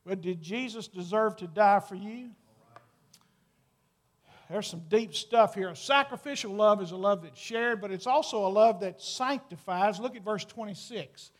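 High-voiced preacher, emphatic. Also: male voice, moderate pace. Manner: earnest, drawls out key words for emphasis; folksy, talks straight to the congregation. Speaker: pastor. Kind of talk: sermon.

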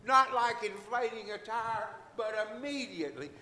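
A middle-aged man, a physician, giving a fervent, emotional testimony in church and breaking into shouts of hallelujah. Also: high voice, expressive, normal speed, echoey room. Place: church sanctuary.

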